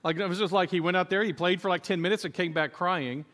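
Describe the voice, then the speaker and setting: A man's voice: high-pitched, quick pace. A middle-aged man preaching a sermon, telling a story with humor and acting out the voices of the people in it. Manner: animated storytelling, acts out quoted voices, jokes with the congregation. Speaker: pastor.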